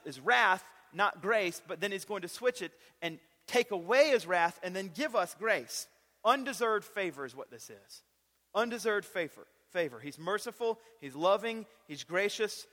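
A man's voice: high voice, pushed and bright. A man preaching a sermon, emphatic and repeating his key phrases. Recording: long reverb of a large hall.

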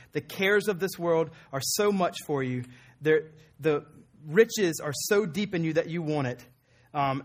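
A pastor in the pulpit, a man whose voice sits somewhat higher than most. He preaches with earnest emphasis, leaning on repeated phrases to drive each point home. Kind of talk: sermon.

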